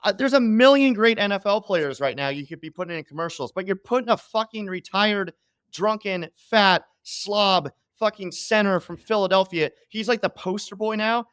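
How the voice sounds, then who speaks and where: A man with a slightly high voice, co-hosting a sports podcast and launching into heated, profane rants. The sound is dry, with no room echo. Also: moderate pace, a bit bright, smooth. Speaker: co-host, sports bettor.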